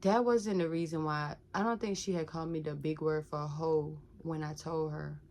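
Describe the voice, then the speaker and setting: A woman's voice: deep voice, steady tone, moderate pace, a little mellow. A young woman candidly telling her own life story to her viewers, talking casually with lots of filler words and calling out to them directly. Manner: casual, addresses viewers as "y'all", many "like" fillers.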